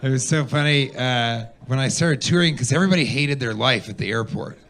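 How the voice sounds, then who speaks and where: A male stand-up comedian spins a wry airport anecdote on stage. His mid-range voice has a gravelly, fry-laced edge. He keeps the delivery animated and acts out the people he quotes. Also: medium pitch, fairly quick.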